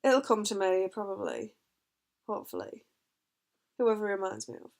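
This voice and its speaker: A woman's voice: mid-range voice, very animated, moderate pace, vocal fry, darkish tone. Chatty woman in casual commentary. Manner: chatty, trails off mid-sentence. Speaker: film commentator. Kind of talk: casual chat. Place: lying in bed indoors.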